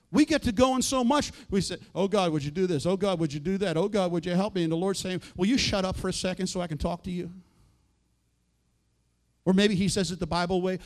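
A middle-aged male pastor preaching a sermon in a conversational way, full of rhetorical questions and quoted asides. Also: high voice.

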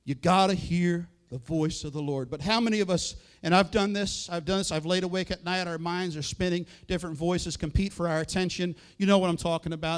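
High-pitched and conversational, a middle-aged pastor delivers a sermon filled with rhetorical questions and quoted asides.

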